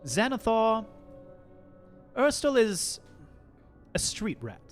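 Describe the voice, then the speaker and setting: A man voicing a calm, shrewd male ship captain in a tabletop game, speaking in a measured, cryptic way. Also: faint music behind, full character voice. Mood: scheming. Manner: measured, cryptic, lively pitch swings. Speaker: game master. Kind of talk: tabletop game role-play.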